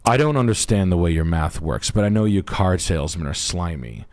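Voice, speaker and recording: A man's voice: sits low, animated, brisk, a little mellow. Brash, profane man hosting a stream. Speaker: realtor and livestream host. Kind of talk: crude casual stream chat.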